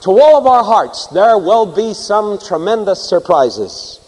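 A man preaching a sermon to a congregation, swinging from loud emphasis to hushed asides. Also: sits high, big pitch swings, measured pace, big-room sound, low-quality recording. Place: church before a live congregation.

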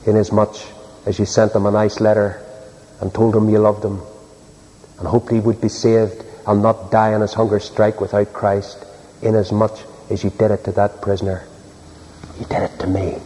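A preacher voicing a solemn, low Christ. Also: male voice, flat delivery, moderate pace, dark tone, big-room sound, natural voice, low-quality recording. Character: Christ speaking at the last day.

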